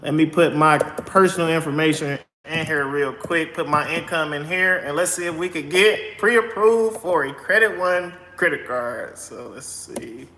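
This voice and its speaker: A man doing a comic skit, excitedly filling out a credit card application, rushing and repeating himself over and over. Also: on the high side, slight background noise. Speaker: host of a credit advice channel. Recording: echoey room with long reverb.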